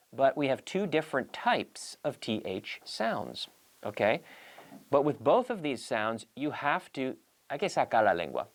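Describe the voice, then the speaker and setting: Lively man teaching English. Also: mid-range voice. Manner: playful, switching between English and Spanish, drilling sounds. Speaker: English teacher and show host. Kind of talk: lively televised English lesson.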